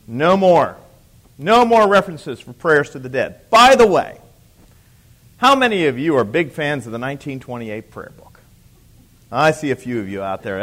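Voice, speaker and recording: A man's voice: high voice, expressive, normal speed, fairly bright tone. A man teaching church history to a live class. He repeats key points for emphasis, asks the room questions and throws in dry teasing asides.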